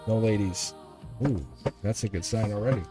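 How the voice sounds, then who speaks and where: A man's voice: fairly low pitch, normal speed, over music. A man giving live-stream tarot readings to viewers in a rambling, earnest way, often restarting his sentences and getting emotional.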